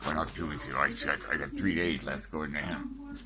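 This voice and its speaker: A man's voice: rumbling low, fairly even intonation, brisk. An older man, short of breath, talking casually to camera and joking wryly about dying. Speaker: vlogger.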